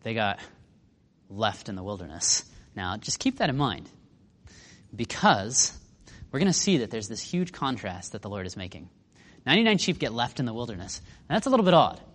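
A man's voice: on the low side, big pitch swings, moderate pace, long pauses, fairly bright tone, in a large hall. A man teaching a Bible lesson in a conversational way, putting questions to his listeners.

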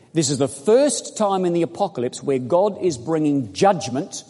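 A man preaching a sermon with emphatic, dramatic delivery, swinging between loud bursts and quiet asides. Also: on the high side. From outside the United States. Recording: echoey hall.

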